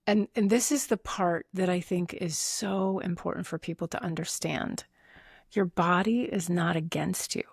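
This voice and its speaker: A woman's voice: fairly low pitch, moderate pace, gravelly, slightly rough, no room sound, studio quality. A woman pediatrician, a guest on a podcast, explaining earnestly with everyday analogies. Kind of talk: conversational interview.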